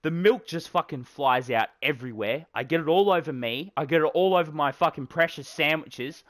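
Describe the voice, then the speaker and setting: A man's voice: fairly high pitch, brisk, no room sound. Rambling, swearing young man. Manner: rambling, heavy swearing, animated storytelling. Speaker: podcast co-host. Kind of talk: casual chat.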